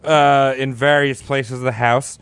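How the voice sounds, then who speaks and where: A man's voice: mid-range voice, flat delivery, unhurried, a bit bright, smooth, no room sound. A man casually telling a crude story on a podcast, rambling and acting out quotes. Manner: rambling, profane, acts out quotes.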